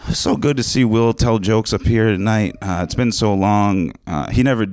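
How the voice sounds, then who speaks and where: A man's voice: lowish voice, normal speed, darkish tone, smooth, no echo. A man doing a crude, rambling stand-up set in a small studio, often laughing at his own jokes. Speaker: stand-up comic. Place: small cable access studio stage.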